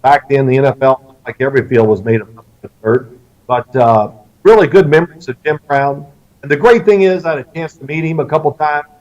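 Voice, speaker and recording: A middle-aged man from Kentucky, an interview guest telling lively family stories and acting out the lines of the people in them. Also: medium pitch, fairly quick. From Louisville, Kentucky, US. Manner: animated storyteller who acts out quoted lines. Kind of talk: storytelling interview. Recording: slightly distant, dull lo-fi sound.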